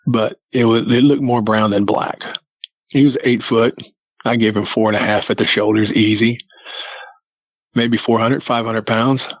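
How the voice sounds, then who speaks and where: A middle-aged male guest recounts a sighting in a casual, plain-spoken, folksy manner, livening up the tale with plenty of quoted dialogue. His voice sits in the mid-range, his pace is measured, and there's no echo.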